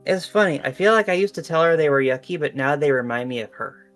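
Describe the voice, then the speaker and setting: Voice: mid-range voice, expressive, fast talker, a bit bright, faint music behind, lightly acted. A performer voicing an eager, playful little girl who loves potatoes, reading lines from a story game aloud. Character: cheerful little girl, potato-loving and curious.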